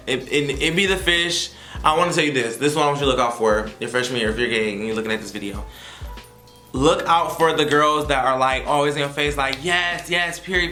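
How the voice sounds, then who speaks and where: A man's voice: medium pitch, bright, forceful tone, echoey room. A young man, a college freshman, giving sassy, slangy advice in a casual vlog. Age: young adult. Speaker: vlogger.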